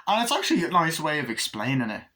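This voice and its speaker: A man talks through a film in a loose, chatty review, with a bright, forceful edge to his tone. He rambles and swears as he goes, and slips into acting out the scenes he describes. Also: on the high side, huge pitch swings, fast. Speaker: movie reviewer. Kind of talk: casual movie review.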